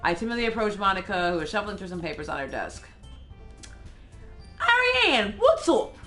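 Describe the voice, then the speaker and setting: A young woman co-hosting a casual game playthrough, reading narration aloud, often exasperated and quick to laugh. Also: fairly low pitch, lively intonation, fairly bright tone, soft background music. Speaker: co-host, game reader.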